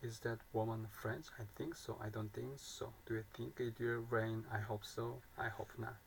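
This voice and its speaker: A man reading grammar examples aloud in a halting way, often repeating and correcting himself. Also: medium pitch, steady tone, vocal fry, slight background noise, rough recording.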